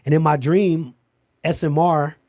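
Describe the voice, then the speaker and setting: As a podcast guest, a man who owns a security company recounts a personal story unhurriedly, his somewhat high voice full of animated emphasis. He laughs now and then, repeats words and keeps restarting sentences. The sound is close and dry, without echo.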